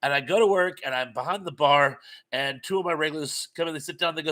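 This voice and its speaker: A man's voice: fairly high pitch, quick pace. An older man from New England hosting a live stream, reading the chat and rambling through stories on a headphone mic. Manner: chatty, rambling storyteller with lively swings. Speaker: livestream host reading chat.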